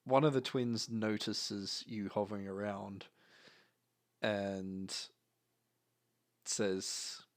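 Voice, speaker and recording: Male game master, low, unhurried narration. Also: flat delivery.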